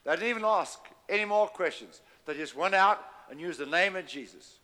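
A man's voice: high voice, lively intonation, normal speed, bright, forceful tone, long reverb tail. A man preaching a sermon, emphatic and calling on the congregation to repeat after him. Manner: emphatic, call-and-response with the congregation. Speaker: pastor.

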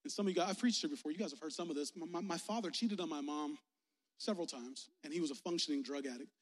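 A man's voice: on the high side, fast talker. A man, a youth pastor, preaching a personal, conversational sermon, candid and emotional, talking straight to the crowd. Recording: long hall reverb.

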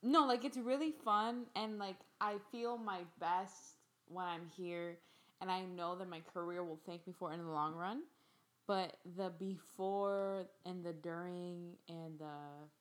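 Bright-voiced brash young woman host. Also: fairly low pitch, slow pace. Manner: brash, swears freely, animated. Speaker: podcast host. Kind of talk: casual chat.

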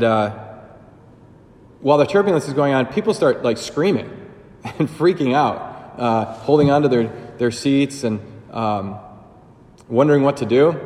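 A man's voice: medium pitch, darkish tone, reverberant, big-room sound. A man giving a sermon as a priest, talking casually and conversationally with fillers and joking asides.

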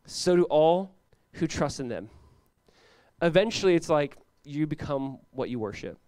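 Young male pastor, high voice, dry close sound, loose conversational sermon delivery. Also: a little slow, clean tone, no echo. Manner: casual, animated preaching with frequent "like" and laughs.

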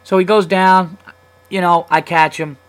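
A man's voice: sits high, measured pace, low-quality recording. A man in his thirties hosting a comedy podcast, telling a long story in a casual, profane, heated way. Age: 30s. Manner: profane, heated, animated retelling.

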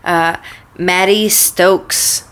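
A woman's voice: lowish voice, steady tone, very slow, a bit bright, smooth. A woman co-hosting a podcast, laid-back and dry in casual banter. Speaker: podcast co-host.

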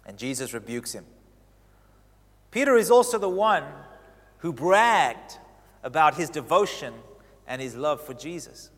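A man preaching a sermon who gets animated, swinging in pitch and loudness as he drives his points home. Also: a little slow, long pauses, in a large hall.

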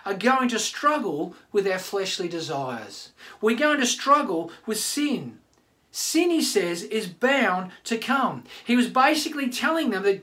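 A man, a pastor giving a chatty online sermon and talking straight to his listeners. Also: high voice. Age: 50s. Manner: chatty, animated, addresses listeners directly.

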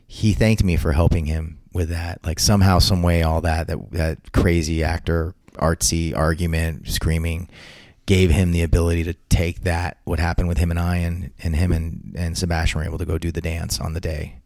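Interview guest, man, low voice, rambles and restarts, dead-dry recording. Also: level tone, moderate pace, vocal fry, few pauses, a little mellow, no room sound. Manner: rambling, frequent restarts and repeated words. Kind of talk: casual anecdotal storytelling.

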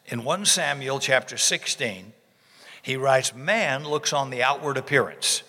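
Emphatic folksy preacher, bright voice. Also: male voice, mid-range voice, lively intonation, normal speed, breathy edge, in a large hall. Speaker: pastor. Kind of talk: sermon. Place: church sanctuary.

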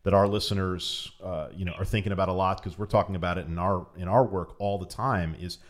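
A man's voice: sits low, steady tone, fast talker. A man hosting a podcast interview, asking questions in a conversational, encouraging way. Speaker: podcast host.

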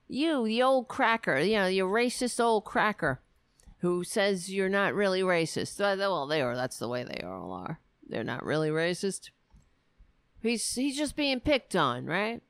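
A woman's voice: mid-range voice, sing-song, a little slow, a bit bright, clear, resonant tone, no room sound. A woman hosting a political commentary show, ranting in a sarcastic, mocking and profane way.

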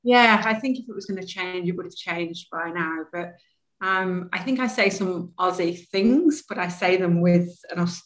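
A woman with a Manchester accent talks as a guest over a video call. Her voice sits on the low side, and her manner is chatty and self-deprecating, often breaking into laughter. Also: moderate pace, rough recording. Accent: English, Manchester. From Manchester, England. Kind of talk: casual conversation.

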